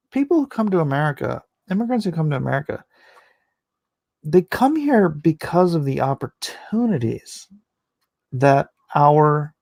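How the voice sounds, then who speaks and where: A man hosting a casual late-night livestream, rambling and opinionated, his voice going hoarse. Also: on the high side, a little mellow, dry recording. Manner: rambling, opinionated, restarts often. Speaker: livestream host reading chat.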